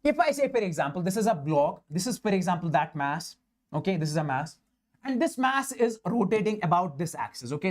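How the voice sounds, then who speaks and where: A man's voice: high-pitched, a little mellow. A man with an Indian accent teaches physics in a live online class. He talks emphatically, repeats his points and keeps asking whether his students have understood, now and then slipping a Hindi word into his English. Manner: mixes Hindi words into English.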